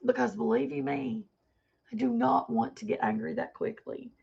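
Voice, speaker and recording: A woman's voice: fairly high pitch, normal speed, vocal fry, darkish tone, breathy edge, muffled recording. A woman talking earnestly on her own livestream, rambling and repeating herself as she explains things to her viewers. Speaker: livestream vlogger. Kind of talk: emotional personal livestream talk.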